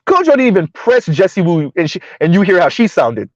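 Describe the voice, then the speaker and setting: A man with a high-pitched voice hosts a casual commentary show, speaking bluntly and sarcastically at a brisk, very animated pace. He rambles on through restarts, and the recording is dry, a bit dull and lo-fi with no echo.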